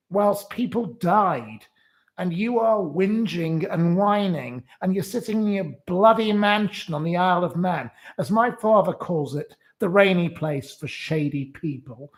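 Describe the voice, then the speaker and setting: A man hosting a solo news commentary with a fairly high voice. He talks at an unhurried, deliberate pace, and his delivery is indignant and scornful, full of insults. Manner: reads out quotes and then rebuts them. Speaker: host.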